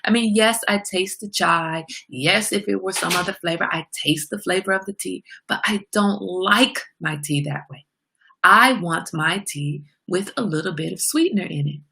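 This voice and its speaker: A woman's voice: lowish voice, normal speed, creaky, sharp tone, husky. A woman hosting a casual livestream, chatting straight to her viewers. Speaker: livestream host.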